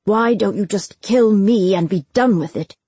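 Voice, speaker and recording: A woman's voice: mid-range voice, a little slow, slightly rough, no echo. Bored, defiant young man read by a woman. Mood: coldly defiant. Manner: flat, bored delivery. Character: defiant young man, bored and cold toward his father.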